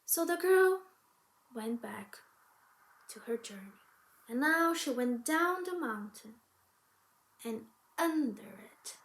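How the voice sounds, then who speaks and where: A woman's voice: high voice, a bit bright. A woman storyteller telling a fairy tale aloud, speaking dramatically and often dropping into a whisper. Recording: roomy echo.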